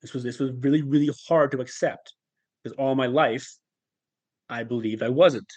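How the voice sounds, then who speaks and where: A male podcast guest speaking at a middle pitch, with an even, ordinary voice. He talks reflectively and haltingly, often pausing and restarting as he recounts his experience. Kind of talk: candid personal storytelling.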